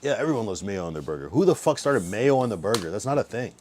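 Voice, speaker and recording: A man's voice: lowish voice, big pitch swings, quick pace, darkish tone, a little hiss or hum. A young man hosting a livestream, chatting loosely, swearing freely and trailing off into mumbles. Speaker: livestream host. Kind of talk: casual rambling chat.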